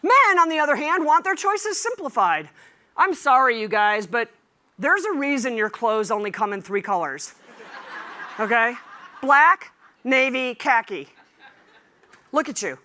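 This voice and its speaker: A middle-aged woman giving a conference keynote, lively and joking with the audience. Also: a little high, a little slow, long pauses. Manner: lively and animated, humorous asides to the audience. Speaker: keynote speaker.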